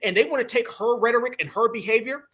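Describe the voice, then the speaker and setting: Bright, high-voiced man ranting commentary. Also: fast, slightly rough. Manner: emphatic, dismissive, slangy. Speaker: commentary channel host. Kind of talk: reaction commentary on clips.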